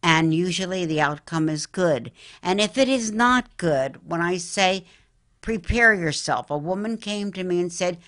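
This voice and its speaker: A woman's voice: lowish voice, lively intonation, measured pace, fairly bright tone. A middle-aged woman from the Philadelphia area, a psychic medium telling earnest stories in an interview. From Philadelphia, Pennsylvania area. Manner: earnest, storytelling, addresses listener as honey. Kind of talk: interview talk.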